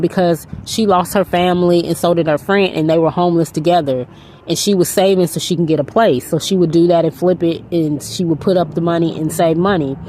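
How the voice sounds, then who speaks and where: Woman faith vlogger with a lowish voice, casual and earnest, telling the story in a loose ramble. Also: warm tone, slight background noise. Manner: rambling and earnest, with frequent "you know". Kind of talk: casual storytelling, retelling a film.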